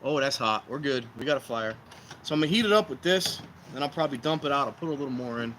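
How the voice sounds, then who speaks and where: A man's voice: mid-range voice, animated, fast, fairly bright tone, slight background noise, low-quality recording. A man hosting a casual livestream outdoors by a fire pit, rambling and joking with his viewers. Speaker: livestream host.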